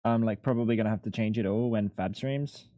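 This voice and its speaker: A man's voice: lowish voice, a little fast, no room sound, lo-fi sound. A young man streaming live, chatting casually and rambling, swearing freely as he thanks viewers. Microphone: headset.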